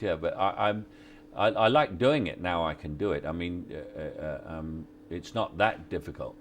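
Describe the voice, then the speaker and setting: A man, giving relaxed, halting interview answers on location at a film set, with many restarts and wry chuckles. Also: low-pitched, a little hiss or hum. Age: 60s. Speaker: actor interviewee.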